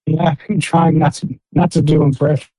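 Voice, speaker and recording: A man's voice: a little high, little pitch movement, brisk, mellow, breathy edge, dry recording, poor audio. A man joining a group call with short joking interjections. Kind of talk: casual group call chat.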